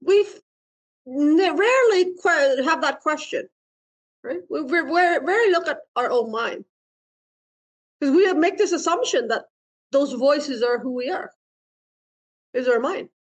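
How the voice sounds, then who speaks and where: A woman's voice: sits high, expressive, unhurried, long pauses. Playful woman teaching meditation. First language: Vietnamese. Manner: playful, laughs often, asks the audience questions. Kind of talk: dharma talk.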